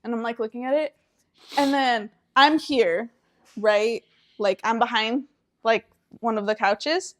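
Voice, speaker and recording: A young woman co-hosting a podcast, telling a family story in a casual, animated way, acting out voices and laughing. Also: on the high side, measured pace, long pauses. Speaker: podcast co-host.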